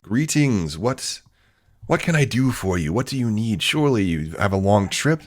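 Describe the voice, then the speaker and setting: A man voicing an effusive, portly, well-dressed older gentleman who hosts a party. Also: very animated, normal speed. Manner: booming, effusive welcome. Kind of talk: tabletop role-play character voice.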